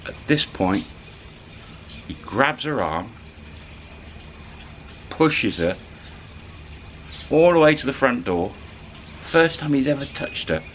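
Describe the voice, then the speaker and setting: A man casually retelling a story to camera, animated and colloquial, slipping into the voices of the people in it. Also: mid-range voice, slow pace, long pauses, slight background noise. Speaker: channel storyteller.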